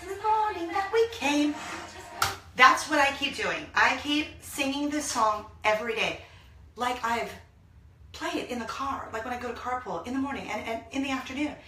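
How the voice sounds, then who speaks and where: A woman in her thirties hosting a casual vlog from a small laundry room, talking excitedly and gushing to her viewers. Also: high voice, normal speed, slight background noise. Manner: gushing, excitable, bursts into song. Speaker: vlog host. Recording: echoey small room, mic at a distance.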